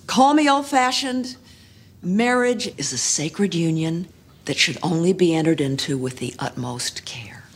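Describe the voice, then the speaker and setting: A woman's voice: fairly low pitch, animated, measured pace, slightly rough. An actress playing a prim, sardonic mother-in-law in a film clip. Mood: haughty.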